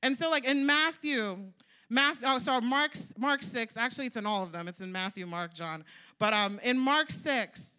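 A young woman delivers a sermon with a high, bright voice. She talks in a loose, conversational way, spinning stories and leaning on "like" and "you know" as she goes. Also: moderate pace, clean tone. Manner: chatty, storytelling, lots of "like" and "you know". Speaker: preacher.

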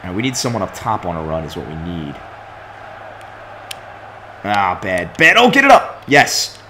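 A man's voice: deep voice, animated, a little slow, noisy background. A young man commenting on his own soccer video game play, complaining and swearing at his team. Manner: exasperated, complaining, swears often. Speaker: gaming commentator.

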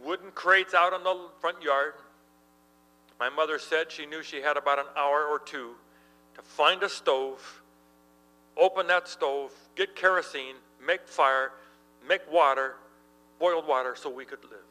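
A middle-aged man preaches in a church and tells his stories with lively energy, chuckling along the way. His voice is fairly high for a man and very bright and ringing. A low electrical hum sits under the recording. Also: a little slow, long reverb tail, poor audio. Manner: animated storyteller, laughs while telling. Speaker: pastor. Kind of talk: sermon with storytelling.

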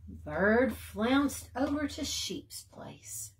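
A woman librarian reading a bedtime storybook aloud, gently and expressively, often sinking to a soft hush. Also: mid-range voice, animated, slow pace. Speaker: children's librarian.

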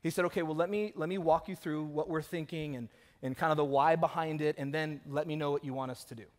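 High-voiced pastor preaching animatedly. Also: male voice, fast talker. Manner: animated storytelling, acting out quoted voices. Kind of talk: sermon. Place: church sanctuary.

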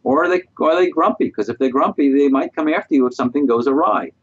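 A middle-aged man answering interview questions as a guest specialist, calm and explanatory. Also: mid-range voice, fast talker, breathy edge, dull audio. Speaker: guest periodontist.

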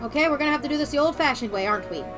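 A woman's voice: sits high, animated, very fast. A woman streaming a video game, reacting with swearing and exasperation in casual chat. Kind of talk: casual let's-play chat. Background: game music.

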